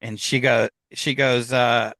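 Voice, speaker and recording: A man's voice: mid-range voice, flat delivery, slow, sharp tone, dry recording. Middle-aged American man, guest storyteller, ordinary mid-range voice, chatty and anecdotal, dry close recording. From United States. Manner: rambling anecdotal telling, acting out what others said. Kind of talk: casual storytelling.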